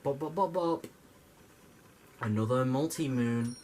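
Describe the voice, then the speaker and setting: A man's voice: medium pitch, slow pace, darkish tone, a little hiss or hum. A young man giving jokey, rambling commentary over his gameplay, stammering and swearing now and then. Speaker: gamer.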